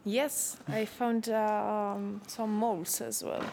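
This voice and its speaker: A woman speaking slowly and haltingly in casual chat. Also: mid-range voice, flat delivery, vocal fry, very noisy.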